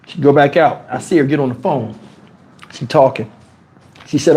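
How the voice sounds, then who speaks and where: Man for a casual storytime stream, high-pitched and theatrical with big pitch swings, swears freely, lapel mic. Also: normal speed. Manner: animated, profane, with dramatic pitch swings. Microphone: wireless lapel mic.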